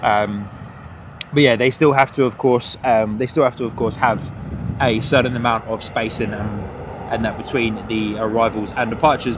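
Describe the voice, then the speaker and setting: A man's voice: medium pitch, steady tone, normal speed. Rambling man live-streaming outdoors. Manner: rambling, many fillers and restarts, enthusiastic about landings. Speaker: live-stream plane-spotting host. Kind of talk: live commentary chatting with viewers. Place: outdoors at an airport viewing spot. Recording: outdoor traffic noise. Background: outdoor traffic and ambience.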